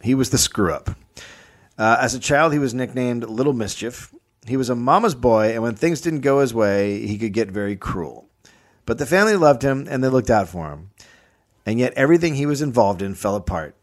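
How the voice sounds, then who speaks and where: A man's voice: medium pitch, lively intonation, normal speed. A man co-hosting a comedy podcast, telling a history story in a dry, matter-of-fact way.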